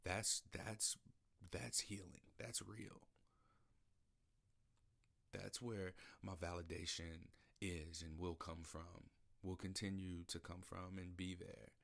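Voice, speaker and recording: This podcast host speaks slowly in a low voice with fairly even intonation, vocal fry, and a slightly bright tone. Alone in the studio, he works through an emotional, searching monologue about himself, circling back to the same words often.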